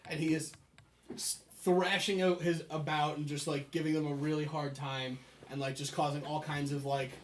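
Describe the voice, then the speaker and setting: A man's voice: on the high side, flat delivery, normal speed, slight background noise. A man narrating as game master of a tabletop game, hesitant and full of fillers, in an echoey room.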